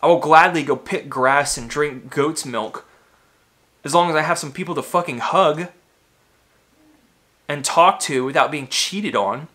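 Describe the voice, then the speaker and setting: A man's voice: on the high side, measured pace, pauses often, pushed and bright. A man in his thirties, ranting in a rambling, agitated monologue full of swearing and fillers. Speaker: vlogger.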